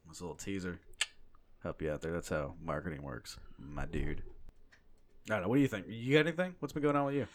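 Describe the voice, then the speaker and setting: A man's voice: low-pitched, lively intonation, fast talker, slight background noise. A young man co-hosting a podcast, crude and jokey, swearing often in casual banter. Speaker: podcast co-host.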